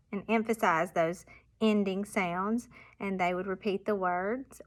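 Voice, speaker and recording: Slow patient teacher lady walking parents through classroom reading drills, leans hard on each example word. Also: mid-range voice, fairly even intonation. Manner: slow and patient, sounding out example words with deliberate emphasis. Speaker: primary school teacher.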